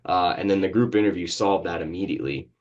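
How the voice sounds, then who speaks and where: A man who owns a business speaks as a guest in a low, steady voice. He explains his routines plainly and without fuss. His audio comes over a video call and sounds muffled and lo-fi. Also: fast talker. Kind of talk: casual interview talk.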